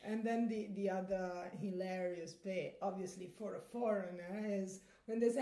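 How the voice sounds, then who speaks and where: A woman's voice: mid-range voice, normal speed, few pauses, warm tone, roomy sound. A woman from Italy with an Italian accent, chatting casually and laughing, often quoting others in put-on voices. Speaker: comedian guest. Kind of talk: casual chat.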